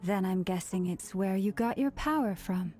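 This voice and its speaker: A woman voicing a calm, gentle, thoughtful young woman scholar in a video game. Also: medium pitch, normal speed, soft background music, natural voice.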